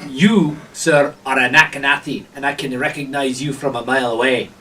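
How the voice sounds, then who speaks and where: A man's voice: medium pitch, steady tone, normal speed, pushed and bright, lightly acted. A man playing a suspicious male town guard, with a dry, blunt manner, recorded from a distance.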